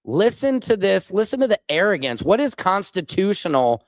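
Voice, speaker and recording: This American man hosts a livestream, heatedly venting about politics with plenty of profanity while reading out and responding to incoming viewer comments. He has a high, sing-song voice at normal speed, with no room sound in the recording.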